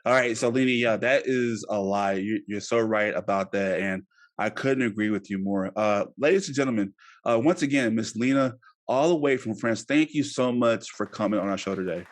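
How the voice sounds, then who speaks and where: A man's voice: on the low side, moderate pace. A man hosting a casual podcast, talking earnestly and encouragingly, with many fillers. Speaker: podcast host.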